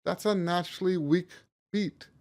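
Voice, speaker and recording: A man's voice: sits high, normal speed, darkish tone. A man teaching a music lesson, counting beats aloud and stopping to rephrase himself as he explains.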